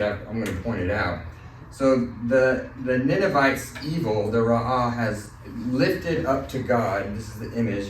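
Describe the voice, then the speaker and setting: A man teaches a church Bible class in a relaxed, conversational way and keeps asking the group questions. His voice sits at an ordinary pitch. It is recorded from across a roomy space with a faint hiss behind it. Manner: conversational, asks the class questions, tells a joking story. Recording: roomy, mic from a distance, faint noise.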